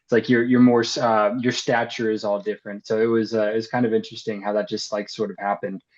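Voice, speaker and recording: A man, an actor and filmmaker, talking casually as an interview guest, easygoing and rambling with lots of ums and likes. His voice sits on the low side. The recording is a bit dull and lo-fi. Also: flat delivery, quick pace. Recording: slightly dull lo-fi sound.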